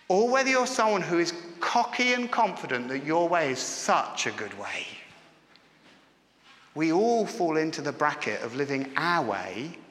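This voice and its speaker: A man preaches a sermon in a church hall, chatty and questioning toward the people in front of him. His voice is bright and lively, fairly high for a man. The sound rings with a long reverb from the room. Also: slight background noise. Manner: conversational, asks the congregation questions.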